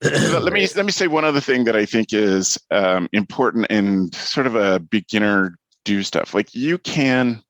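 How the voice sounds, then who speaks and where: A man with a very low voice talks casually on a podcast, telling stories frankly and swearing now and then. His voice sits close and dry, with no room sound around it. He comes across as a host in his thirties. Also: expressive, normal speed, a bit bright, dry recording. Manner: candid, storytelling, mildly profane.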